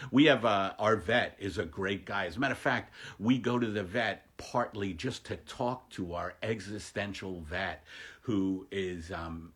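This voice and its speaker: A stand-up comedian rambles through a casual livestream from his home during lockdown, mocking himself and cracking jokes. His voice is deep, husky, and a bit bright.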